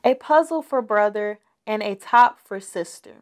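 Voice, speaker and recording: A woman's voice: medium pitch, unhurried, a little mellow, lightly acted. A woman voicing a kindly but firm grandfather bear in a read-aloud storybook, matter-of-fact.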